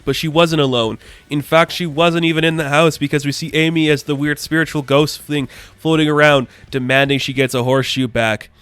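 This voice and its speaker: A man's voice: a little high, steady tone, a little fast, fairly bright tone, clear, resonant tone, dry recording, soft background music. A man giving a casual, enthusiastic spoken review of a comic book, rambling with lots of filler words.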